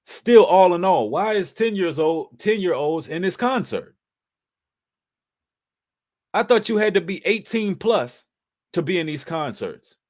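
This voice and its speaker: A livestream host with a high, expressive voice speaks a little slowly and pauses often. He's emphatic and preacherly, calling his audience brothers and sisters, mixing casual slang with the odd curse word.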